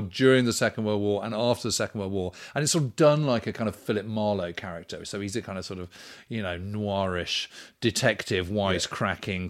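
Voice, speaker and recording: An English man co-hosting a history podcast, enthusiastic and full of "you know" and "kind of" hedges. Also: on the low side. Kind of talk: casual chat.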